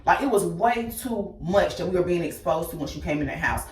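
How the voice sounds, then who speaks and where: A woman bluntly telling her own life story to viewers, profane and animated, speaking straight to her audience. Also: lowish voice, fairly quick, far from the mic. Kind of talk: casual personal storytelling to viewers. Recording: echoey room with the voice off-mic.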